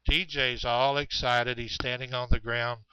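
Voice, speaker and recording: A man telling a long story about hunters in the woods, halting often with fillers and restarts. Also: medium pitch, little pitch movement, pushed and bright, clear, resonant tone, no echo. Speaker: storyteller of Bigfoot encounters. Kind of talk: rambling spoken storytelling. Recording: dull, muffled recording.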